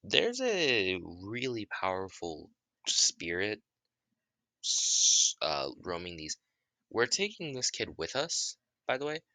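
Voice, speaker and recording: A man's voice: lowish voice, wildly swooping pitch, slow pace, bright, forceful tone, no echo, heavily acted. A man doing a brash young ninja. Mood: casual, confident.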